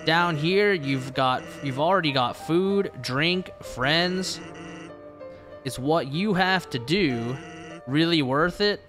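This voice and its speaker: A man reading aloud as a laid-back joking male skeleton in a video game, in a slow drawl that leans southern. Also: a little high, animated, over music. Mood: easygoing.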